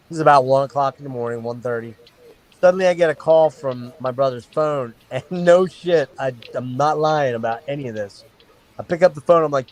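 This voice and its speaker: A middle-aged man hosting a stream, telling a wild story in a casual, animated and profane way. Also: mid-range voice, a little fast, rough recording. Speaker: stream host.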